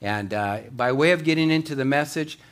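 A man preaching a sermon as pastor, folksy and quick, with fillers and joking asides. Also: medium pitch, clean tone.

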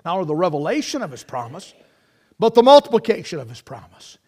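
A man preaching a sermon, fervently swinging from shouts to hushed tones and repeating phrases for emphasis. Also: high voice, sing-song, quick pace.

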